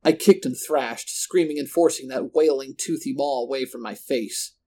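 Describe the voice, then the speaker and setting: A man tells a first-person horror story at a steady, measured pace. His voice sits in a middle pitch. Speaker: narrator.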